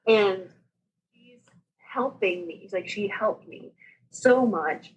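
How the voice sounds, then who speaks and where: A woman, a podcast guest telling her story in a lively, laughing way and acting out the dialogue. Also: medium pitch, slow pace, breathy edge, lo-fi sound. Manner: animated, laughing, acts out dialogue. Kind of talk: casual storytelling.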